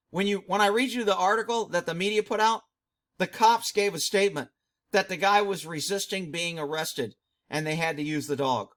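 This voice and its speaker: A man's voice: sits high, moderate pace, fairly bright tone. A middle-aged man, a former police dog handler, giving blunt, indignant commentary on a video.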